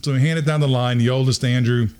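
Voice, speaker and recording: A middle-aged man telling a story in casual conversation, lively and chuckling, often acting out what other people said. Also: medium pitch, fast talker. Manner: animated, acts out quoted voices, chuckles while telling.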